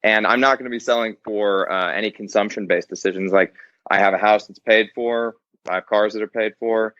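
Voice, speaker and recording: A man's voice: lowish voice, steady tone, a little fast, a bit bright, dry recording. A man talking as an interview guest in casual chat, blunt and profane, laughing often. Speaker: podcast guest. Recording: dry, dull lo-fi sound.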